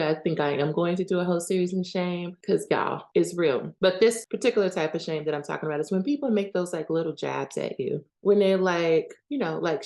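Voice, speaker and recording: A woman's voice: fairly low pitch, mellow. A woman hosting a self-help podcast, speaking candidly about her own experiences in a conversational way and often checking in with "right?". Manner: candid and personal. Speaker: podcast host. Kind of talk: reflective self-help talk.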